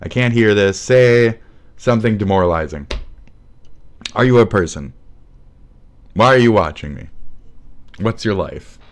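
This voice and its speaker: A man's voice: lowish voice, lively intonation, measured pace, long pauses. A young man livestreaming, ranting in a rambling, sneering way full of profanity. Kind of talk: livestream rant.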